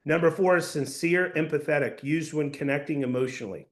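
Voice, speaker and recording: A man's voice: fairly high pitch, fairly quick. A man giving a sales training talk to his team, emphatic and repeating key points so they can be written down.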